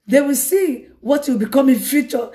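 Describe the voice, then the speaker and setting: A woman evangelist, preaching in an animated way and breaking into laughter often. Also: high-pitched, normal speed. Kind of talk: sermon.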